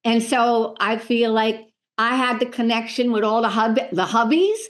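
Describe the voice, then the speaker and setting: A middle-aged woman, a medium, telling lively stories in a podcast interview and acting out the voices of the people in them. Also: fairly high pitch, normal speed. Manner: animated, acts out voices in her stories. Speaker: medium and spiritual healer, guest.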